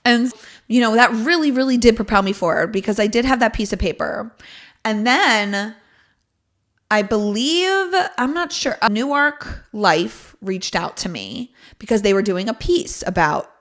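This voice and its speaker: A young woman from Delaware hosts her own podcast and tells a personal story in a relaxed, chatty way. She laughs often, and her voice jumps up high and loud when she acts out what she and others said. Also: unhurried. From Delaware, United States. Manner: animated, laughing, swings into loud excited quoting. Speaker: podcast host. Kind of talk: casual storytelling monologue.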